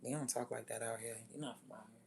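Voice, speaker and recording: Gravelly, blunt DC-woman streamer. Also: extremely low pitch, steady tone, fast talker, very noisy. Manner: blunt, profane, drops from loud to near-whispered asides. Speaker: livestreamer. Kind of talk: casual livestream chat.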